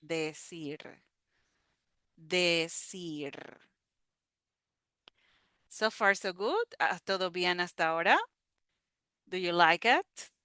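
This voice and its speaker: A woman teaching a slow pronunciation lesson, patiently repeating each word. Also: fairly low pitch, lively intonation, bright, forceful tone, smooth, dry recording. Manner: patient, repeats words slowly. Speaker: Spanish teacher.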